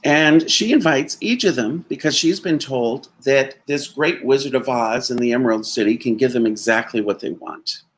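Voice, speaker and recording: A man's voice: medium pitch, normal speed, few pauses. A man giving a sermon as a minister, telling a story conversationally and laughing now and then.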